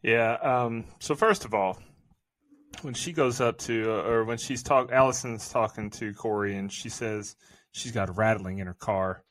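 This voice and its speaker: A man's voice: lowish voice, normal speed, fairly bright tone, no echo. A man co-hosting a casual movie review podcast, venting in a profane, exasperated rant. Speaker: podcast co-host.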